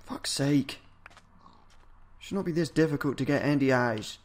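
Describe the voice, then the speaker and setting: A man's voice: mid-range voice, unhurried. Foul-mouthed man narrating his gameplay. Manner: swears a lot, mutters and yells at game enemies. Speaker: video game let's-player. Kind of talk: casual gameplay commentary.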